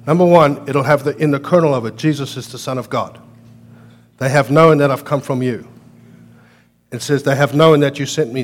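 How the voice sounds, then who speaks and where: A pastor with a fairly high-pitched voice gives a sermon that veers from loud, emphatic statements to quiet storytelling. To an American listener, his accent sounds foreign.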